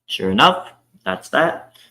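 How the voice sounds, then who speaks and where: A man's voice: mid-range voice, big pitch swings, slow pace, sharp tone, rough recording. A man reading a Bible introduction and scripture aloud, carefully, with frequent hesitant fillers and self-corrections. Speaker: scripture reader.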